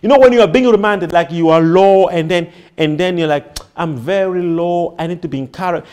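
A man's voice: sits high, a little mellow. A man preaching a sermon, emphatic and repetitive, calling the congregation to respond.

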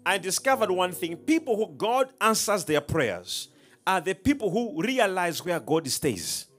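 A man preaching a sermon in an emphatic, preacherly style, calling out questions to the congregation and swinging between loud and soft. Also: sits high, big pitch swings, a little slow, faint music behind. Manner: emphatic, preacherly call-and-response, dramatic swings in loudness.

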